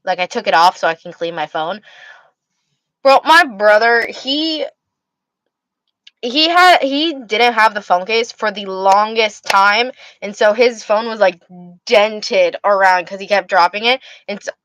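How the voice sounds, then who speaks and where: Answering her chat on a livestream, a weary young host chats loosely and keeps restarting her sentences. She sounds expressive and a bit bright at a medium pitch, speaking at a measured pace. There's no echo, though the recording is rough.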